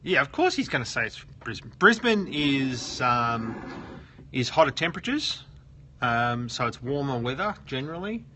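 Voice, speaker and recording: A man's voice: mid-range voice, very animated, moderate pace, bright, forceful tone, a little hiss or hum. An Australian man hosting a casual live stream from his office, joking around and reading viewer comments aloud. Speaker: host of a live SEO question stream. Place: office at work.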